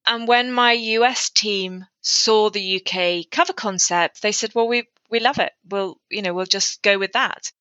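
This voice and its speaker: A woman's voice: mid-range voice, fairly even intonation, a little slow, hardly any pauses, bright, forceful tone, dry recording, highs cut off. A woman author talking through her writing in a casual interview, thoughtful and prone to restarts. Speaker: author guest. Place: lives in North Wales.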